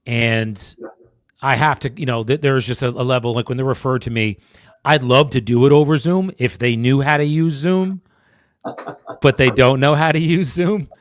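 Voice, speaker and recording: A man's voice: mid-range voice, normal speed, dry recording, clean studio sound. A man from New Jersey co-hosting a casual real estate chat, rambling and restarting his sentences, calling his partner brother. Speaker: real estate agent, co-host.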